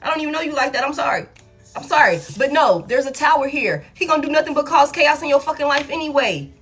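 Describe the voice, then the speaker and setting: A fairly high-pitched woman doing a live tarot reading. She talks bluntly and emphatically, swears freely and keeps repeating her refusals to drive them home. Soft music plays faintly behind her. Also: expressive, fast. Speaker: tarot reader. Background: faint background music.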